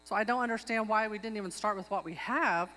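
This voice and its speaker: A woman's voice: medium pitch, fast, bright, forceful tone. Earnest woman arguing a motion, echoing pavilion. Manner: earnest, repeats herself when stressing a point. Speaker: tribal member making a motion. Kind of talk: speaking at a public meeting. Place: outdoor pavilion. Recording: long hall reverb.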